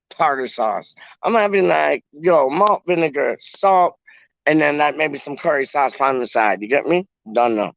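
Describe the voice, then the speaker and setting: A man's voice: fairly high pitch, animated, moderate pace, no room sound. Slangy man chatting on stream. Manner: slangy, rambling, heavy use of "like". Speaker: livestream host. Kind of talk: casual live chat.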